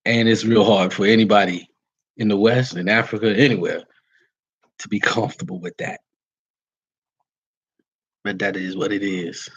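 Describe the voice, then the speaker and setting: A man's voice: lowish voice, fairly even intonation, normal speed, long pauses, husky, dull audio. A man who is a Vodou priest, talking casually and plainly to his followers and calling them y'all. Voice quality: folksy and plain-spoken, uses y'all. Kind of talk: casual livestream talk to followers.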